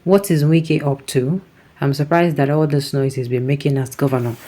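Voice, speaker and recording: A man's voice: a little high, steady tone, moderate pace, warm tone. A Nigerian man hosting a news commentary show, reading out viewer comments and adding his own remarks, often slipping into Pidgin asides.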